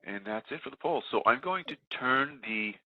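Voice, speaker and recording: A man with a stuffy head cold moderating a webinar, calmly reading out poll results and correcting himself as he goes. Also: mid-range voice, moderate pace, no room sound. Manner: steady, procedural, self-correcting. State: congested from a cold. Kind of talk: running audience polls. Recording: tinny phone-like line, dry.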